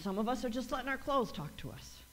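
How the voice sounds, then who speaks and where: Talking fast and animatedly in a slightly high voice, a woman pastor delivers a call-and-response sermon that rises into emphatic repeats. She plays out the voices of people she quotes, with laughs.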